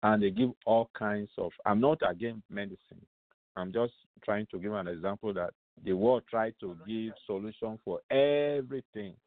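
A man's voice: on the low side, moderate pace, no echo. A man hosting a radio show, preaching emphatically, repeating phrases and asking rhetorical questions. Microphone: phone call-in line. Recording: tinny, dry phone line.

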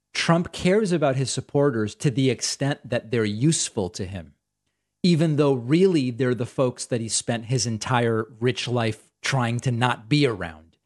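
Guy hosting a political show, sarcastic and fed up, mid pitch. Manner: sarcastic, incredulous. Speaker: political talk show host. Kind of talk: opinionated political commentary.

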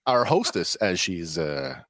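A man's voice: low voice, big pitch swings, slow pace, fairly bright tone, dry recording, studio quality. A man hosting a podcast, recapping an episode in a chatty way with many filler words. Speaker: podcast host.

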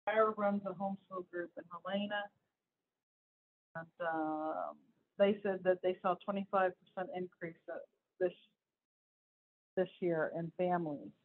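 A woman's voice: fairly low pitch, steady tone, measured pace, long pauses. A woman hosting a casual news commentary on education, talking in a chatty, rambling way with asides and restarts. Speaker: host. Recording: tinny phone-like audio.

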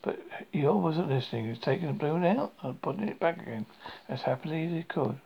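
A man's voice: a little high, expressive, fast talker, vocal fry, a little hiss or hum. A man reading a children's book aloud, stumbling and rereading lines now and then. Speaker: reader. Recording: dull lo-fi home recording.

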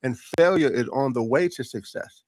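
A man's voice: medium pitch, moderate pace, darkish tone, dry recording. A man who is a guest on an interview podcast, talking earnestly, stumbling and repeating words and laughing easily. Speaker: guest, entrepreneur. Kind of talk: interview conversation.

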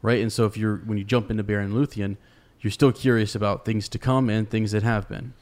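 A man co-hosting a podcast, speaking in a halting way with many ums and uhs. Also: lowish voice, steady tone, a little mellow. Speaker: podcast co-host. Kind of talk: casual podcast chat.

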